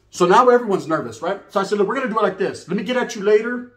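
A middle-aged man from California with a Chicano English accent tells a raunchy street story in rapid, high-pitched bursts. He talks straight to his listeners in a steady flow of slang, and the room around him is noticeably echoey. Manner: streetwise slang, acts out other voices, addresses listeners directly. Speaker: storyteller host. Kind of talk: profane comedic storytelling.

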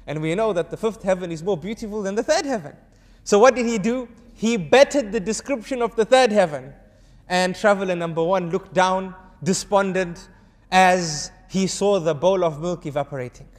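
A man preaching to an audience, telling a story and acting out its dialogue with animated shifts of voice. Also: high-pitched, moderate pace, in a large hall. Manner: urges the audience to answer. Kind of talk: storytelling sermon.

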